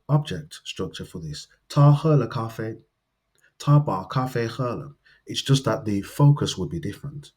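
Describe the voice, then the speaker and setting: A man's voice: fairly low pitch, darkish tone, slightly rough. A man teaching a grammar lesson, explaining carefully and methodically with worked examples. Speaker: Chinese language teacher.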